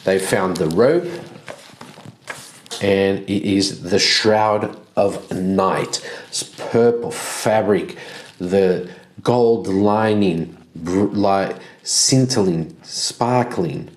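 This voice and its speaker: A man's voice: deep voice, a little mellow. A man narrating a solo tabletop role-playing game as game master, in a loose storytelling manner. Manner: slow, loose storytelling with restarts. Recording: roomy echo.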